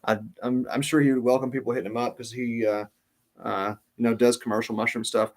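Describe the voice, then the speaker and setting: A man's voice: medium pitch, little pitch movement, a little fast. Rambling man telling a podcast story. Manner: rambling, many ums and restarts. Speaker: podcast host. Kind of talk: casual storytelling.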